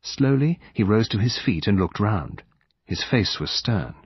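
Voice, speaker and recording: Husky man narrating an audiobook. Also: fairly low pitch, big pitch swings, a little slow, highs cut off.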